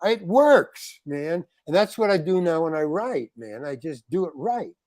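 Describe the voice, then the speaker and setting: A man, a guest actor, telling a long anecdote in a casual interview, animated and saying "man" often. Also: on the high side, a little slow, dry recording. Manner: animated anecdote teller, peppers talk with "man".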